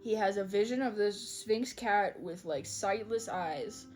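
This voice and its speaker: A woman's voice: medium pitch, unhurried, darkish tone, soft background music. A young adult woman chatting casually, giggly and slangy as she retells a story. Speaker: podcast co-host. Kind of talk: casual chat.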